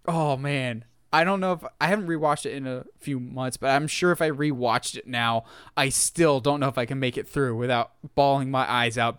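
A man co-hosting a casual podcast, retelling scenes in an animated way and acting out the lines. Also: mid-range voice, smooth, no room sound, studio quality. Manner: animated storytelling, acts out quotes. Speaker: podcast co-host. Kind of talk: casual chat.

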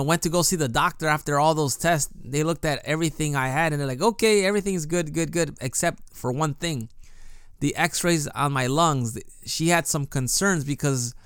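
Podcast guy rambling through a story, lots of "you know", dry close mic, smooth tone. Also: fairly high pitch, a bit bright, dry recording. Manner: chatty storytelling with frequent restarts and "you know". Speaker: podcast host. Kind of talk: casual solo podcast monologue. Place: lives in Japan.

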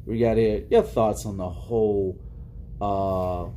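A man's voice: on the low side, steady tone, takes it slowly, dark tone, a little hiss or hum. A man co-hosting a podcast in casual chat, joking and swearing freely as he talks. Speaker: podcast co-host.

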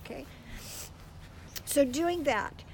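An older woman giving a gentle, earnest faith teaching to a group, tearful at times as she speaks. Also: high voice, slow pace, a little hiss or hum, poor audio. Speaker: speaker teaching on prayer for children.

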